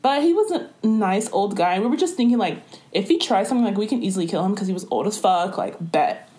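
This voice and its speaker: A woman's voice: mid-range voice, expressive, quick pace, mellow. A young woman in casual chat, telling stories in a slangy, laughing way.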